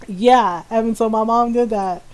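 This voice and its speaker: A woman streamer chatting casually, telling a family story with lively animation and frequent laughter. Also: fairly high pitch, measured pace, rough recording. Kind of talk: casual chat.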